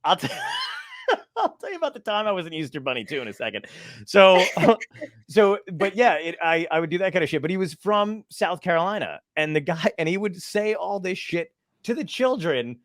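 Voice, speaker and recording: A man's voice: high voice, wildly swooping pitch, moderate pace, a bit bright, no echo, clean studio sound. A man hosting a casual comedy podcast, laughing often as he tells rambling, profane stories. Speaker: podcast host.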